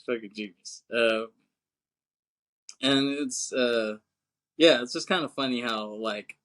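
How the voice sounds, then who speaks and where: A man's voice: medium pitch, slow, a bit bright. Rambling male podcast host, laughing. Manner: rambling, laughs a lot, acts out quotes in raised voices. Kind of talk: casual movie recap chat.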